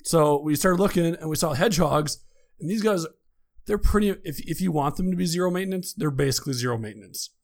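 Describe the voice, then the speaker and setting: A man with a somewhat high voice chats easily on a podcast among friends. He talks loosely and conversationally. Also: fast, creaky. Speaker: podcast co-host. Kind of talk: casual chat.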